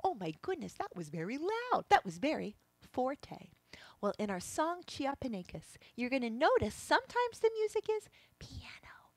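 A woman leads young children through a music lesson in a higher voice with big, bouncing swings of pitch. She is playful and animated, often dropping to a hush. The sound is dry and close. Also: dry recording.

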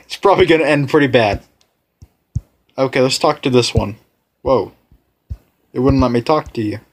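A man hosting a let's play, rambling and correcting himself as he plays, with excitable outbursts. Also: mid-range voice, normal speed, pauses often. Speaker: gaming channel host.

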